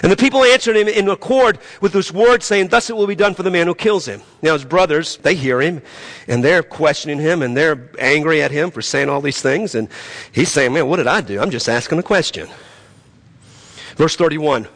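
A man with a high-pitched voice delivers a sermon as pastor. He preaches animatedly, rising to loud emphatic peaks and sinking to quieter asides. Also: fairly quick.

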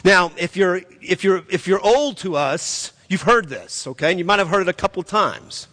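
A man's voice: high-pitched, animated, normal speed, bright, forceful tone. A man preaching a sermon, telling a story and repeating phrases as he builds to emphatic peaks. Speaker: pastor. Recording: long reverb of a hall.

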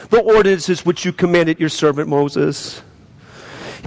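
A man's voice: unhurried, vocal fry, pauses often. A man preaching a sermon as pastor, asking the congregation direct questions and growing more fervent as he reads prayers aloud. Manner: impassioned preaching, rising in pitch and volume when reading prayers.

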